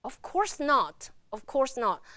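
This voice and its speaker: A woman's voice: sits high, big pitch swings, fairly bright tone, dry recording, studio quality. A woman teaching Chinese pronunciation in a university lecture, sounding out tones syllable by syllable in English with a Taiwanese Mandarin accent. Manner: models tones slowly, syllable by syllable.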